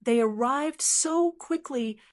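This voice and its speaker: A woman's voice: medium pitch, expressive, moderate pace, lightly acted. A woman voicing Yang Kai, a composed young male cultivator speaking tersely while on the run. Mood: urgent.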